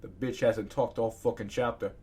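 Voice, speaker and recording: A man reading fan fiction aloud in a casual, expressive way, breaking off into ranting asides. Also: fairly low pitch, normal speed, slightly rough. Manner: expressive, swings between narration and ranting asides.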